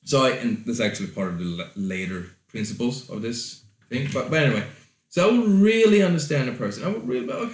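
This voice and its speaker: A man's voice: medium pitch, expressive, quick pace, echoey room. A man talking loosely as a podcast host, giving advice with fillers, restarts and the odd swear word. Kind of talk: casual advice monologue.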